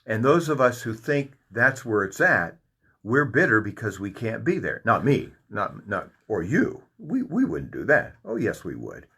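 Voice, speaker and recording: A man's voice: mid-range voice, unhurried, husky. A man leading a Bible study, reading scripture aloud and explaining it with folksy asides and repeated phrases. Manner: animated, reads verses aloud and comments with folksy asides.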